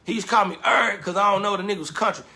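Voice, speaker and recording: A man casually telling a lively, slangy story about his club days and acting out the quotes. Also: high-pitched, very fast. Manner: animated, slangy, acts out quotes with laughter.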